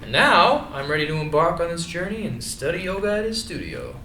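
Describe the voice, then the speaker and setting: Actor reading a calm, preachy yoga guy, lilting, distant in an echoey room. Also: on the high side, a little fast, a little hiss or hum, full character voice. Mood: placid. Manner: placid, preachy. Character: serene, unbothered yoga-loving Canadian husband. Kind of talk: screenplay table read.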